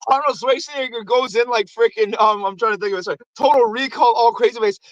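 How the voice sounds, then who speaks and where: A man's voice: very high-pitched, fast, no room sound, lo-fi sound. A man hosting a show, casually recapping a movie with lots of swearing and acted-out quotes. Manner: animated, acts out quotes in raised voices. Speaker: show host.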